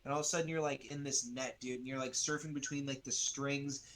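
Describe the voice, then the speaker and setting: A man's voice: medium pitch, steady tone, quick pace, a bit bright. Guy gm rambling thru a tabletop scene, lots of likes and ums, regular mid voice. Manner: rambling, loose, full of fillers. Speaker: game master. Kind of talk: narrating a tabletop game.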